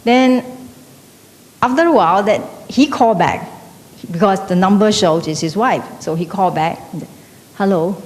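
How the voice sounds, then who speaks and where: A woman teaching an evening class, lecturing conversationally and checking in with the class through frequent tag questions. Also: moderate pace. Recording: echoey hall with faint rumble.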